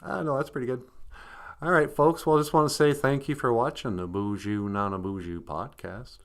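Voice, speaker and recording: A man's voice: medium pitch, moderate pace, clear, resonant tone, voice pushed down, close to an everyday voice. A man voicing a serious, polite male dog with a Southern US accent, who stammers and defers to the host. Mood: earnest.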